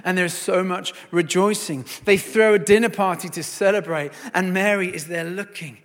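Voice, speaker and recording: A man preaching a sermon and telling a story, swinging from hushed to loud. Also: high-pitched, steady tone, normal speed, long reverb tail.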